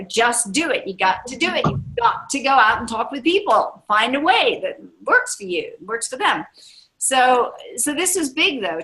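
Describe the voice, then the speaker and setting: Woman, 60s, business leader at a live seminar. Bright, slightly high voice. Enthusiastic and emphatic, repeats key lines. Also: low-quality recording. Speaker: network marketing leader. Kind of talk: motivational seminar talk. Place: seminar room with a live audience.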